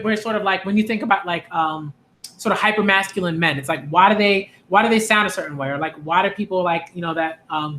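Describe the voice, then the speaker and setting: His voice is high, bright, and forceful. A young man from Hollis, Queens, New York, he hosts anime and manga videos and talks to camera in a casual, rambling way, full of "like," "um," and restarts.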